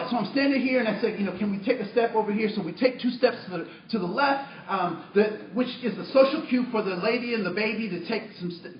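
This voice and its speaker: A man leads a training workshop, telling a story in an animated way and acting out his own lines with many restarts. His voice sits high. The sound is distant and roomy, a little muffled. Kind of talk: storytelling talk to a workshop audience. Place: training room with audience.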